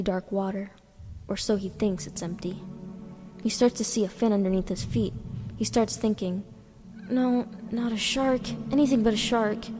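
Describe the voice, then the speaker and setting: Woman reading her short story, steady and plain, echoey room, music playing under. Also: mid-range voice. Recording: reverberant with background music.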